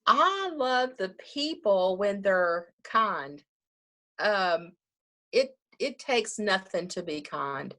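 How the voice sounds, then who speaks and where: A woman's voice: medium pitch, sing-song, slow pace, sharp tone. A woman funeral director talking casually in an interview, chatty, often laughing and acting out what people say.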